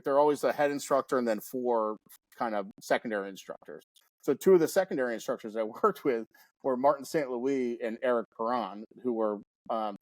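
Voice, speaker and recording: A man's voice: mid-range voice, no echo. A man in his forties, guest-hosting a casual podcast, telling stories with laughs and frequent restarts. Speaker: guest host.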